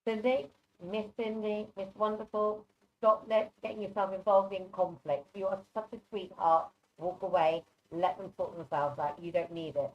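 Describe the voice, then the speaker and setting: A woman's voice: mid-range voice, fairly even intonation, moderate pace, dull audio. A woman doing live psychic readings over a video call, affectionate and chatty, calling people darling. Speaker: psychic reader.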